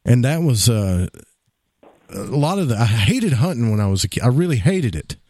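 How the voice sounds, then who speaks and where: A man who is a guest on a talk show, telling a childhood story in an animated way. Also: medium pitch, normal speed, no room sound, studio quality.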